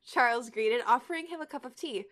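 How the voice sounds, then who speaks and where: A woman's voice: on the high side, a little fast, fairly bright tone. A young woman podcast host reading fan fiction aloud and chatting, hesitant with many fillers and restarts. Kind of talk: reading aloud and casual chat.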